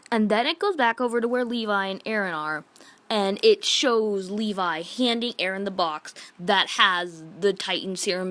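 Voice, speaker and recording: A woman's voice: medium pitch, fairly bright tone, dry recording. Woman, casual review rant, rambling, exasperated, filler-heavy. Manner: rambling retelling, heavy use of "like"; exasperated and indignant. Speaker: manga reviewer.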